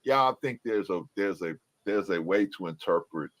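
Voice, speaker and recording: A man speaking as a panelist in a casual debate, halting and searching for his words. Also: deep voice, animated, fairly bright tone.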